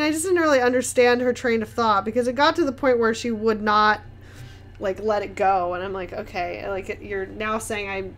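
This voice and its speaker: A young woman artist chatting casually while she paints and answers viewer questions, rambling with many fillers and easy laughs. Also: on the high side. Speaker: artist hosting a paint-along.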